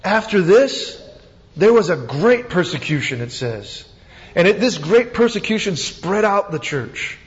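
A man preaching a sermon as pastor, retelling the scene with animated, dramatic storytelling. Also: high voice, a little slow. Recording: dull sound with long reverb.

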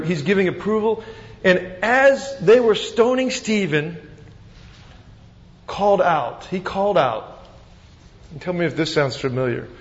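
A man preaching a sermon as pastor, retelling the scene with animated, dramatic storytelling. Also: on the high side. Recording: dull sound with long reverb.

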